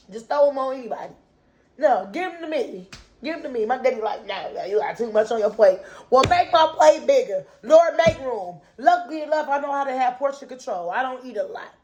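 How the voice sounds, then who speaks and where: A woman's voice: high voice, a little mellow, rough recording. Impassioned mother ranting to her viewers. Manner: impassioned, ranting, piles up rhetorical questions; casual slangy speech addressing viewers as y'all. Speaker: mother and kids' advocate. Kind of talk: unscripted vlog monologue.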